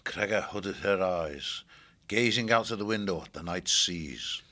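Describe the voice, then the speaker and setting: A man narrating an audiobook with a measured, expressive reading. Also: deep voice.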